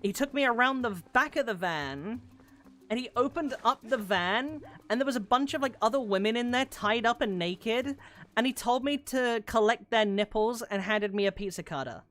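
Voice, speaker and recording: Young woman streamer from london, bright sharp voice, swears a ton, rambles then yells, faint music behind. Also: a little high, moderate pace. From London, England. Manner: chatty, swears a lot, bursts into loud yelling. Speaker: VTuber streamer. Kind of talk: casual gaming stream chat.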